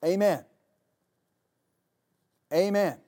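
High-voiced storytelling pastor. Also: male voice, dark tone. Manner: halting restarts, then emphatic declarations. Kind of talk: sermon storytelling.

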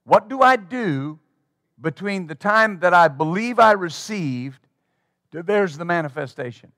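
A man's voice: sits high, lively intonation, unhurried, bright, forceful tone, no echo, studio quality. A man preaching a sermon as pastor, emphatic and rhythmic, drawing call-and-response from his congregation.

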